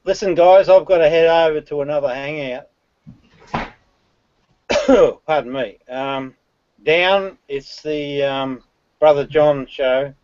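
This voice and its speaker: A male host talks very slowly in a mild, hesitant, apologetic way. His voice sits a little high and slightly distant from the mic. The call audio is muffled and lo-fi. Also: darkish tone, clear, resonant tone. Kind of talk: casual chat. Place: online video hangout.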